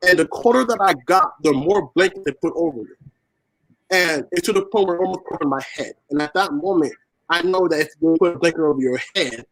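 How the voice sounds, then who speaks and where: A man's voice: a little high, brisk, fairly bright tone, poor audio. Earnest man telling a painful story. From born in Haiti, raised in Washington State. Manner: earnest, repeats phrases for emphasis. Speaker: guest, spoken word poet. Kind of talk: emotional personal storytelling.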